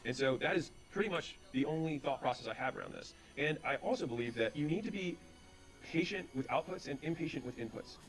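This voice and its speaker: A man's voice: on the high side, faint music behind. A man speaking on business and sales, telling stories with quoted back-and-forth dialogue, then giving advice. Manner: rapid, animated retelling with quoted dialogue. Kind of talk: storytelling advice talk.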